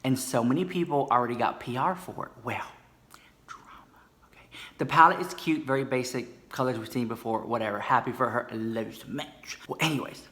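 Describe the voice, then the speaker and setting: A man's voice: medium pitch, fairly quick, fairly bright tone. A man doing a campy, dramatic gossip vlog, sassy and full of "girl" asides. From United States. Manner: sassy, dramatic, calls viewers "girl" constantly. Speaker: comedy vlogger.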